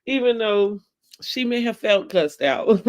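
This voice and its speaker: Chatty opinionated woman recapping a show. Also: medium pitch. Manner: chatty and opinionated, laughs often, addresses viewers as y'all. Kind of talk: casual TV recap chat to viewers.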